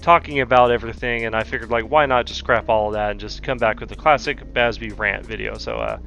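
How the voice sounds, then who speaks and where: A man's voice: mid-range voice, fast talker, fairly bright tone, highs cut off, soft background music. Exasperated man ranting, swearing. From Southern United States. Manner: heated, exasperated, heavy swearing. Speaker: commentary channel host. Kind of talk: profane commentary rant.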